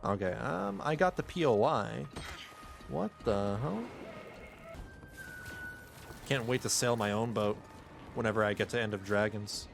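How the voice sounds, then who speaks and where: A man's voice: fairly low pitch, unhurried, gravelly, pauses often, faint music behind. A man streaming a game, chatting and joking casually, often exclaiming in surprise. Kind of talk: casual live-stream commentary.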